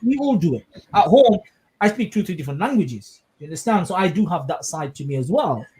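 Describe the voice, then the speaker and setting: A man's voice: high voice, fairly quick. A man from England hosting a casual podcast discussion, talking emphatically and often checking in with his listeners. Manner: animated, emphatic, frequent checks like "you understand?". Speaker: podcast host.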